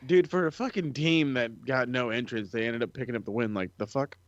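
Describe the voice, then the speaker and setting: A man's voice: medium pitch, fairly quick, no echo, muffled recording. A man co-hosting a wrestling podcast, swearing a lot and sounding exasperated. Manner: profane, exasperated, animated. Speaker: podcast co-host. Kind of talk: casual podcast banter.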